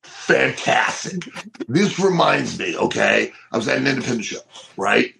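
A middle-aged man with a very gravelly, creaky voice, telling a story in loose podcast banter. He mimics the people in his tale as he goes. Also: medium pitch, a little slow, slight background noise, rough recording. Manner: animated storyteller, acts out quotes. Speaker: co-host. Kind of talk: casual wrestling podcast banter.

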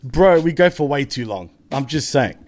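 A man's voice: mid-range voice, lively intonation, normal speed, darkish tone. An Australian man guesting on a podcast, bantering in an easygoing way and laughing often. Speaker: guest co-host. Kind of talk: casual podcast chat.

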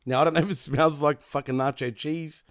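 A man chatting on a podcast with a slightly high voice and a dry, close sound. He laughs between lines and swears freely. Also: steady tone, brisk, no room sound. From Australia. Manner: laughs often, swears, jokey. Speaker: podcast co-host. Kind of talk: casual chat.

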